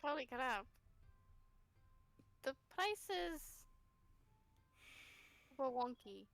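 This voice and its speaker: A woman's voice: high voice, very animated, extremely slow, creaky, a bit bright, no echo, soft background music. A woman playing a tabletop game online, bantering in character and teasing her friends with casual swearing.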